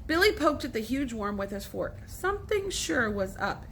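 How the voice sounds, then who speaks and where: A woman teacher reading a children's novel aloud, with clear pacing and asides to her listeners. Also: fairly high pitch, sing-song, normal speed, a bit bright, slight background noise.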